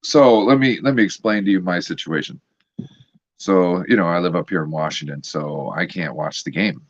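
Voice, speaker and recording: A man joining a sports chat as a guest, telling an animated story as a frustrated fan. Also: sits low, normal speed, muffled recording. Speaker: guest co-host.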